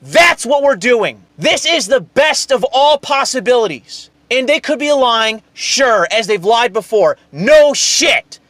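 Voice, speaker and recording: A man with a high-pitched voice, hosting a heated, profane, sarcastic political rant. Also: very animated, measured pace, hardly any pauses, fairly bright tone, dry recording. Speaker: political commentary host.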